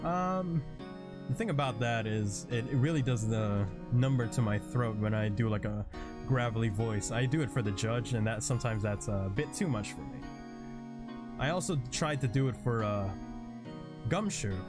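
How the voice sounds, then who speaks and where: A man's voice: medium pitch, moderate pace, over music. A male streamer in casual game commentary, rambling and self-deprecating.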